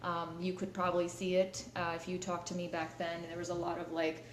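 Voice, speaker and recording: Lower-voiced woman talking candidly to viewers, lots of ums, echoey room. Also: monotone, a little fast, slight background noise. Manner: candid, many fillers and restarts. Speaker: live-stream host. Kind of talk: candid personal talk to live viewers. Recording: echoey room, faint ambience.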